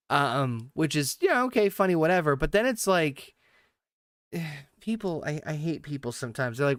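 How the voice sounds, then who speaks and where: A man hosting a casual comedy podcast with a smooth, resonant voice, recorded dry and close. He rambles, swears freely and sounds exasperated at the world. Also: on the high side, sing-song, moderate pace, no echo. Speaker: podcast host.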